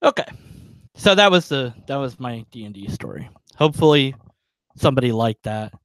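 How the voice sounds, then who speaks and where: A man's voice: mid-range voice, animated, normal speed, fairly bright tone, no room sound. A man telling a long, rambling story on his livestream, chuckling as he goes, full of fillers. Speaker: livestream host. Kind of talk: casual storytelling.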